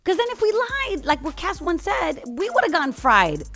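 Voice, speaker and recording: A woman co-hosting a morning radio show, her voice high and swooping with lively ups and downs. She jumps into the talk quickly, with faint music behind her. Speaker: radio co-host.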